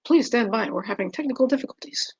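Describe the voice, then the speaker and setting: A woman's voice: on the high side, animated, fast talker, darkish tone, slightly rough. A woman artist as a guest in a casual interview, chatty and giggly, often trailing off with a laugh. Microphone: video call. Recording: lo-fi video call audio.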